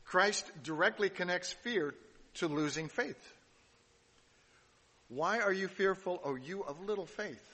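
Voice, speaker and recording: A man's voice: high voice, animated, a little slow, long pauses, bright, forceful tone, long reverb tail. A man giving a sermon, reading scripture aloud and adding casual asides, with some restarts along the way. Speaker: pastor.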